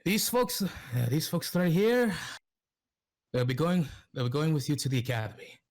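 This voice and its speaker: A man voicing a friendly escort who speaks with a few hesitations and a slightly raised pitch. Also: sing-song, normal speed.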